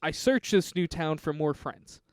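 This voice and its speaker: A man's voice: a little high, expressive, measured pace, clear, resonant tone, dry recording, clean studio sound. Man reading a text game aloud. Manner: reads game text aloud with laughing asides. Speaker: podcast co-host. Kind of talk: casual podcast chat, reading out a text game.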